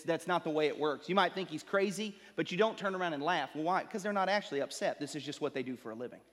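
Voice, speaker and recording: A pastor preaching with a notably high, light voice. He swells with rising emphasis, then sinks into slow, quiet lines for weight. His words ring out with a long tail of reverb, as in a big sanctuary. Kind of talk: sermon. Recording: long reverb of a large hall.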